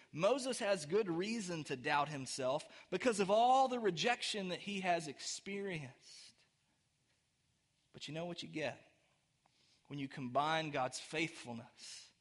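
A man preaching a sermon as pastor, talking conversationally with the congregation and building to emphatic, rising peaks. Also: fairly high pitch.

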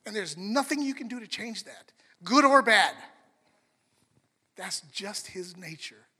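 A high, very bright male voice delivers a sermon, moving from hushed asides to loud, lively bursts as he tells stories. The sound rings with the long reverb of a big hall. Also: a little slow, breathy edge. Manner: animated storytelling, swings from soft to loud. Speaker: pastor.

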